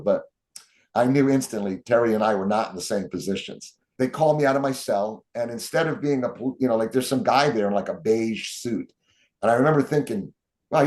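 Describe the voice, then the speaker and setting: A man telling stories as an interview guest, acting out the quotes of the people in them. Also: medium pitch. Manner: animated storyteller, acts out quotes. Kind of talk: storytelling interview.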